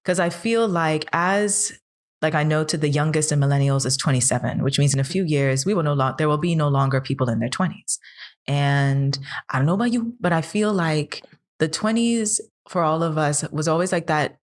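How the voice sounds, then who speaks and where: A woman in her thirties with a notably low voice, chatting on a podcast. She talks earnestly and keeps pressing questions, building steam as she goes. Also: normal speed. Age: 30s. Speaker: podcast co-host. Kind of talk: casual chat.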